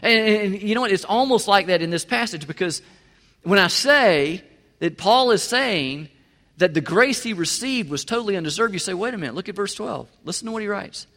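A man's voice: high voice, animated, normal speed, pushed and bright. A man preaching a sermon as pastor, talking in a conversational way, repeating words and acting out quotes. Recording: reverberant hall.

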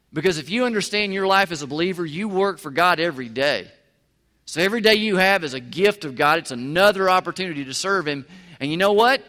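A man preaches in a high, bright voice. He drives each point home with repeated phrases and questions to the congregation. His voice rings out in a long echo. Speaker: pastor. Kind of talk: sermon.

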